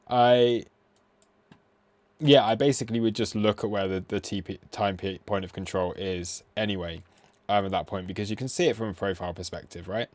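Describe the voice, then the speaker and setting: A man's voice: on the low side, steady tone, normal speed, darkish tone, dry recording. A young man from the UK hosting a live crypto trading stream, chatting casually and poking fun at himself as he answers viewers. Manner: chatty and self-deprecating, reacting to chat. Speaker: crypto trading livestream host. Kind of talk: casual livestream chat.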